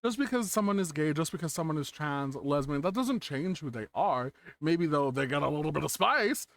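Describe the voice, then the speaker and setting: A man's voice: fairly high pitch, expressive, a little fast, a bit bright. A man hosting an interview chat, earnest and emphatic, repeating key words for weight. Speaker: host.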